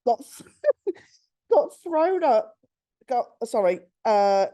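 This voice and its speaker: A woman's voice: on the high side, warm tone. A woman, co-hosting a podcast and reading out a listener's story in a chatty, giggly way. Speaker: podcast co-host.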